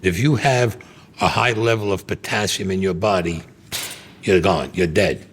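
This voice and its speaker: A man's voice: low voice, unhurried, slightly rough. A man, telling a story bluntly and profanely in an interview. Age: 70s. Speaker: interview guest.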